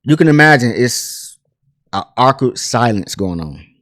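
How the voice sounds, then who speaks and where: A man hosting a pop culture commentary channel, telling a story in a chatty, animated way full of asides and fillers. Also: mid-range voice, unhurried, no room sound, clean studio sound. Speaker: host.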